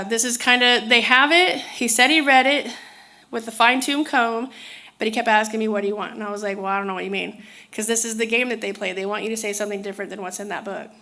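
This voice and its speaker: A woman's voice: medium pitch, steady tone, a little fast, sharp tone. A woman telling a personal story in a casual, rambling way, often restarting her sentences. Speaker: spiritual speaker.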